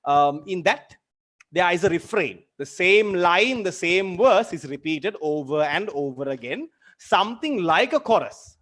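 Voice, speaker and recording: A man's voice: sits high, animated, unhurried, a bit bright. A man teaching a literature lesson, explaining terms and going over examples more than once. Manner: explains with repeated examples, asks students direct questions. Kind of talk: online lecture.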